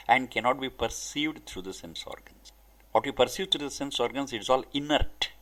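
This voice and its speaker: A man giving a spiritual discourse, speaking deliberately in short emphatic phrases. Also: mid-range voice, fairly bright tone. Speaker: spiritual teacher.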